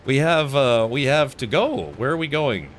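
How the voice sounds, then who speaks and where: A man's voice: mid-range voice, lively intonation, normal speed, a little hiss or hum. A man streaming a video game live, chatting casually, laughing often and thanking viewers.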